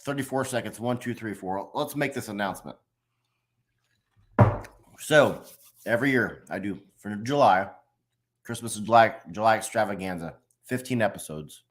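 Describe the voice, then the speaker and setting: A man hosting a casual live-stream chat, talking to viewers and reading their comments aloud with plenty of fillers. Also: on the low side. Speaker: host of a live stream show.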